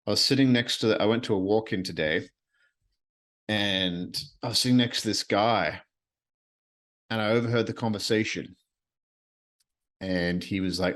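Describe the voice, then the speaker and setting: At night in his apartment, a podcast host talks solo in a lowish, fairly bright voice at a moderate pace. His reflective monologue comes across as earnest and rambling, with many repeated phrases.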